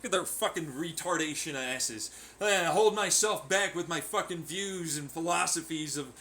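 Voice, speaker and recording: A man's voice: on the high side, moderate pace, pushed and bright, slight background noise. A man delivering a profane, sarcastic vlog rant, mocking the people he talks about in imitation voices. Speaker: vlogger. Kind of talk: ranting vlog commentary.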